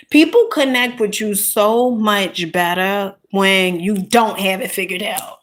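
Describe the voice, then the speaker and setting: Woman, higher-pitched voice, animated, casual storytelling monologue, emphatic asides. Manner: animated, emphatic, peppered with "honey" and "okay?". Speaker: content creator.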